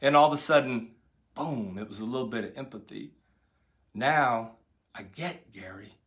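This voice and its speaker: A middle-aged man giving an impassioned motivational talk, preacher-like, repeating phrases and swinging from loud pleas to hushed words. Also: medium pitch, normal speed. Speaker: speaker.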